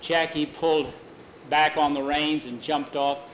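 A man's voice: on the high side, unhurried. Folksy male storyteller in an echoey room. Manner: plain-spoken, relaxed, homespun wording. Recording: echoey room, faint traffic.

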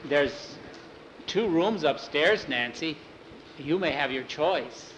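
A man's voice: fairly high pitch, expressive, slow, a bit bright, muffled recording, slight background noise. A man voicing a friendly, generous young rancher who speaks in an easygoing, reassuring way.

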